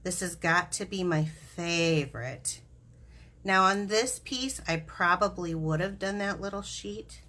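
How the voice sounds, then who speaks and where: Low-voiced chatty woman demonstrating crafts. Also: a little slow, sharp tone. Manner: chatty, giggly, explains while working. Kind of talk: live stamping demonstration.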